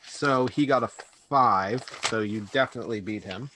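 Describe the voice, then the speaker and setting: A man narrating a tabletop game as game master in a casual, halting way with many fillers. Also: medium pitch, noisy background. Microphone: home microphone on a stream.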